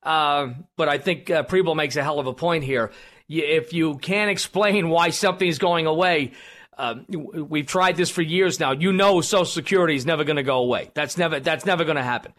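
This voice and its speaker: A man's voice: a little high, brisk, a bit bright. A man hosting a political talk radio show, rambling with many fillers and restarts. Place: radio studio.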